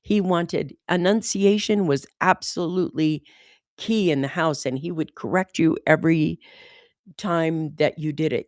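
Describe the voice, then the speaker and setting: An American woman talking casually as a host, animated and often saying "like". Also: low-pitched, a little slow, no room sound, studio quality. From United States. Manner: animated, says "like" often, mimics accents. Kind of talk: casual conversation.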